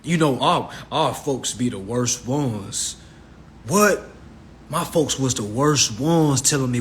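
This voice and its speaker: A man hosting a livestream, ranting comically to his viewers in a profane, animated way and calling them y'all. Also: medium pitch, takes it slowly, slight background noise. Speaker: livestream host. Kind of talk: casual comedic rant.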